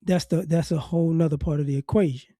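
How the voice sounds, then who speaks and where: A man's voice: a little high, fairly even intonation, fast talker, dark tone, dry recording, studio quality. A man from New Orleans with faint traces of a Southern accent, giving a blunt, casual opinion monologue and often repeating words as he builds a point. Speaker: commentary vlogger.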